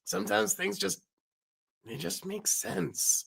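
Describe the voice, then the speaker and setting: A woman's voice: medium pitch, takes it slowly, creaky, fairly bright tone, breathy edge, exaggerated voice. Smug, sarcastic cartoon knife, dry delivery, played by a woman.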